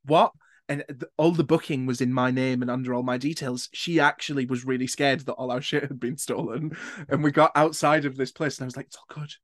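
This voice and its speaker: A man's voice: mid-range voice, fairly even intonation, fairly quick, no echo. Chatty British man, dry sound. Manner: chatty, candid and swearing. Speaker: podcast host. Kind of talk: casual interview chat.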